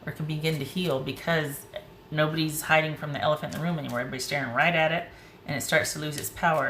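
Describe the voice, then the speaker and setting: A woman's voice: low-pitched, a bit bright. A woman doing a casual tarot reading, chatty and emotional, thinking aloud as she turns the cards. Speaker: tarot reader. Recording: roomy with faint hiss.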